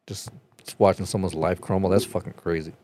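A man chatting casually on a podcast, telling a rambling, profane story and getting animated as he retells it. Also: deep voice, a little fast, a little hiss or hum.

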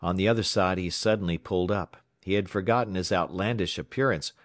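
A man from the United States narrating a story aloud in a dramatic, expressive way. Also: deep voice, brisk, no echo, studio quality. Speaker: audiobook narrator. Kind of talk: scripted narration.

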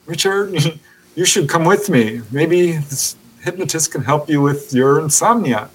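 A man's voice: on the high side, expressive, a little slow, fairly bright tone, breathy edge, voice pushed up, exaggerated voice, low-quality recording. A man doing a coaxing mother. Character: worried mother urging her grown son.

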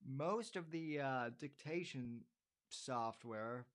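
A man in his twenties hosts a podcast, reading his own essay in a mid-pitched voice. He steps away from the text for loose asides, calling his listeners "folks" or "ladies and gentlemen" and filling pauses with "uh" before returning to the article. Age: 20s. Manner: frequent uh fillers and restarts in asides. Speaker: podcast host.

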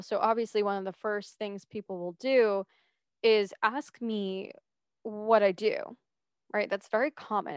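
A young woman talks through her podcast in a casual, animated way, slipping into playful voices for the things she used to say. Her voice sits a little on the high side. The recording is dry, with no room around it. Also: no room sound. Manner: chatty, animated, acts out her own past reactions. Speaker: podcast host and coach. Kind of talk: casual solo podcast monologue.

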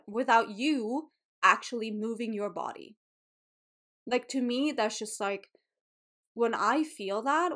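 A woman's voice: medium pitch, fairly bright tone. Candid woman yoga teacher podcasting. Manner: candid, emotional, swears casually. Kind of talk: casual solo podcast talk.

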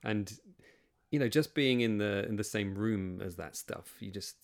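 Male host, low gravelly voice, encouraging, casual. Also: a little slow, a little hiss or hum. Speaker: podcast host. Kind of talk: casual interview.

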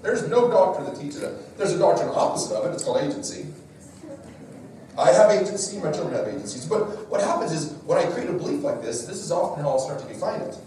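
A middle-aged man with a slightly high voice gives a live devotional talk on parenting at a church, speaking quickly as a lively storyteller who jokes at his own expense, his voice rising and falling freely. He's recorded from far off in a large, echoey room before a live audience, so the sound is heavily reverberant, with a faint room hum.

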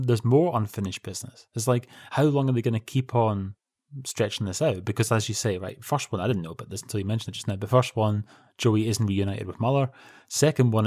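A man's voice: fairly low pitch, darkish tone, no room sound, clean studio sound. A man co-hosting a podcast, rambling wryly about old children's TV. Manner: rambling, wry, reminiscing. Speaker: podcast co-host. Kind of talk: casual chat reviewing old TV.

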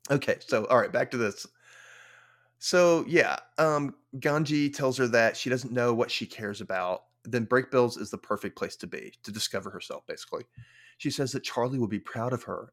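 A young man hosting a podcast, casually recapping an episode with animated storytelling and wry quoted asides. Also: mid-range voice, normal speed. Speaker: podcast host.

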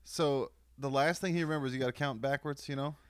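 A man's voice: medium pitch, steady tone, clean tone, no room sound, clean studio sound. Wisecracking man on a podcast. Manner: joking, quick with riffs and silly voices. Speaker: podcast co-host. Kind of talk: casual chat.

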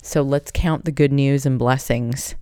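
A woman's voice: very deep voice, steady tone, a little slow, warm tone, no room sound, studio quality. A woman hosting a casual solo podcast, reading out listener questions in a blunt, profane, upbeat way. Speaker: podcast host.

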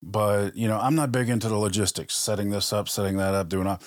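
A man's voice: on the low side, fairly even intonation, quick pace, no echo, clean studio sound. A man, a police officer guest on a podcast, telling stories in casual chat and acting out the dialogue he quotes.

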